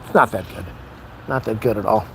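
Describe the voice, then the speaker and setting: A man's voice: on the low side, fairly quick, gravelly, fairly bright tone, a little hiss or hum. A middle-aged man venting in a rambling, frustrated casual monologue on a live stream.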